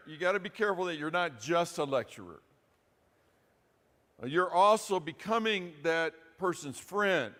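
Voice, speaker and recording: A man's voice: on the high side, a bit bright. A man preaching a sermon as pastor, with a conversational, folksy manner and frequent asides. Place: church sanctuary. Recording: reverberant church hall.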